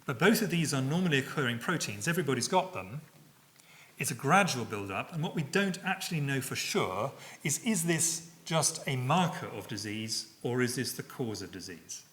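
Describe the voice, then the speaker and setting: A middle-aged man giving a public lecture, speaking in a measured way with frequent fillers and self-corrections. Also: medium pitch, very animated, a bit bright.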